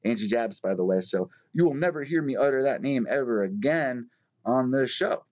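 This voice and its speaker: A man's voice: mid-range voice, lively intonation, normal speed, darkish tone, highs cut off. A man hosting a live show, telling a rambling story in casual, profane chat. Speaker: host of a live news show.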